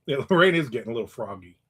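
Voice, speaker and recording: On his easygoing live show, a middle-aged host speaks at medium pitch with a fairly bright tone. He goes through viewers' comments, swaps everyday stories and trades jokes with the audience.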